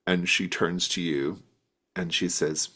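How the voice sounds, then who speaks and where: A man's voice: low-pitched, steady tone, takes it slowly, sharp tone. A man narrating as game master of a tabletop role-playing game, loosely, with lots of fillers. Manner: loose, rambling with many fillers.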